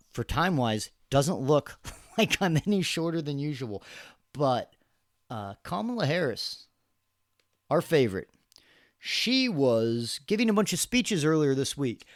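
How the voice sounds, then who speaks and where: A man's voice: mid-range voice, dry recording, studio quality. A man in his thirties hosting a podcast, giving rambling, sarcastic political commentary with laughs and restarts. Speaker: podcast host.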